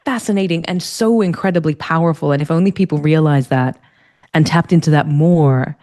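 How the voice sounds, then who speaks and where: A woman, a leadership strategist, speaking as an interview guest and explaining ideas clearly and fluently. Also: sits low, a little fast. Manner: articulate, warm, explanatory. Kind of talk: conversational interview.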